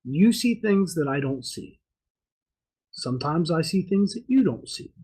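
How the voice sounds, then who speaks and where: Husky high-voiced earnest man. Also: big pitch swings, a little slow, mellow. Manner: earnest, emphatic, sincere. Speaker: podcast co-host. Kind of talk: casual chat.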